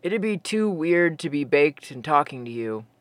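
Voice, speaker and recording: A man's voice: on the high side, very animated, normal speed, dry recording, voice pushed down. A narrator voicing a male forestry worker, stammering and incredulous. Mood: amazed.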